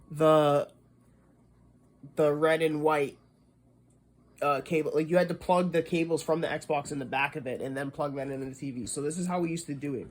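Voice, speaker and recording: A man from the Boston area ranting casually, profane and rambling, restarting as he explains. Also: a little high. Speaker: streamer.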